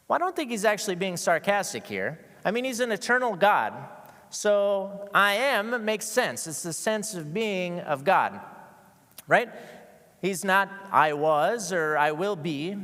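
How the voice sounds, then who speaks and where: Male preacher, conversational and joking, rather high and very animated voice, long hall reverb. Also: measured pace. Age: adult with school-age kids. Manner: casual, joking, with many fillers and restarts. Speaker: guest preacher. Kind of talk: conversational sermon. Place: church sanctuary with a masked congregation.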